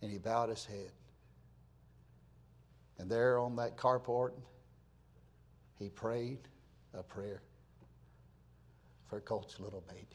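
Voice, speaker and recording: A man, preaching in a folksy storytelling way, repeating words for weight and swinging from loud to hushed. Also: on the low side, fairly even intonation, slow, long pauses. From Florida, USA. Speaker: pastor. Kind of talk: storytelling sermon.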